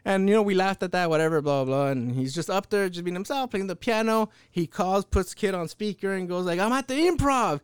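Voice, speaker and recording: Brief: young man, high clear voice, dry close mic, casual podcast storyteller, swears a lot. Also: fairly quick, hardly any pauses, dry recording. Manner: animated, profane, lots of fillers. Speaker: podcast host.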